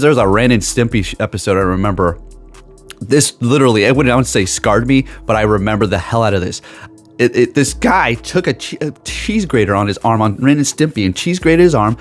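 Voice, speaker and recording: A man talking into a USB microphone, giving gaming tips and joking animatedly about his critics in a casual vlog. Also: mid-range voice. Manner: animated, jokey, ranting about haters. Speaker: gaming YouTuber.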